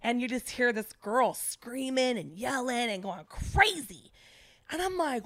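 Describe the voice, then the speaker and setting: Animated, foul-mouthed woman telling a story. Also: fairly high pitch, unhurried, no echo. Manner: animated, profane, acts out voices. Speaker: podcast host. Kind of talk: casual storytelling.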